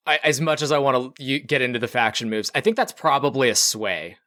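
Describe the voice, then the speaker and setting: Dry-sounding relaxed game master. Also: male voice, mid-range voice, fairly quick, dry recording. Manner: relaxed, supportive, hesitant fillers. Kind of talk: narrating a tabletop game.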